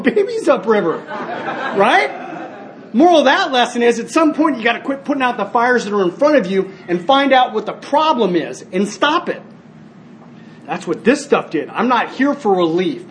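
Man, high-pitched, earnest speaker at a recovery meeting; animated storyteller who restarts often. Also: slight background noise. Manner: storytelling, animated when acting out scenes. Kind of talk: personal share with told stories.

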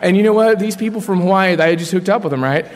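A man's voice: high voice, fast talker. Casual man telling his story in a hall. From Colorado. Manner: casual, animated storytelling with slang and laughs. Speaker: speaker sharing his story at a recovery meeting. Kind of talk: personal testimony from a podium. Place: large conference hall. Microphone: podium mic. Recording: long hall reverb.

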